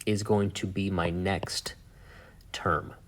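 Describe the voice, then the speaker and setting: A man teaching a math lesson in a relaxed, chatty way, thinking aloud with fillers and asides. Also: deep voice, slow pace, noisy background. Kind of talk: casual whiteboard lesson.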